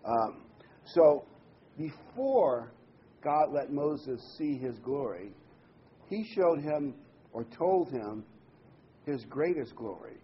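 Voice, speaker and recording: A man's voice: medium pitch, lively intonation, takes it slowly, long pauses. Man preaching a conversational sermon. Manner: conversational, leads the congregation in call-and-response. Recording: dull lo-fi recording with faint hiss.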